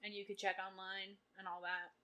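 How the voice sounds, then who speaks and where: A young woman co-hosts a book podcast in a relaxed, conversational tone. Her voice is bright and forward. She muses aloud and trades easy back-and-forth with her co-host. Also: mid-range voice, moderate pace. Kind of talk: casual book-review chat.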